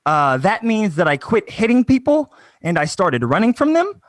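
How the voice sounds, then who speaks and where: A man's voice: high voice, very animated, moderate pace, dry recording. A young man doing a self-mocking stand-up set over a video call, with a punchy delivery. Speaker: stand-up comedian.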